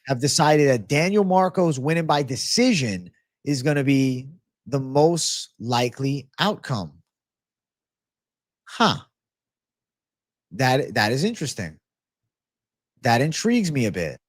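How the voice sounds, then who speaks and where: A man's voice: mid-range voice, big pitch swings, slow pace, pauses often, no room sound, studio quality. A man hosting a live betting-picks stream, rambling and swearing freely, prone to angry rants. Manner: profane, rambling, flares into ranting. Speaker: livestream host.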